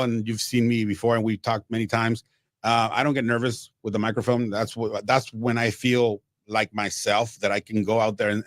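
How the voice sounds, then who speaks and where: Man from Mexico, radio guest storyteller, lively, dry studio sound. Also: on the low side, no room sound. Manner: animated, acts out quotes, frequent restarts. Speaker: Spanish-language baseball broadcaster, guest.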